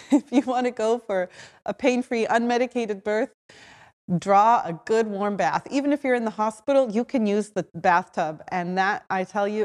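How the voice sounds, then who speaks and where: A woman hosting a podcast, telling her own story in a lively way, acting out her own voice in quotes and often saying "like". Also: mid-range voice, big-room sound. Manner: animated, acts out her own voice in quotes, frequent "like". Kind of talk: personal storytelling.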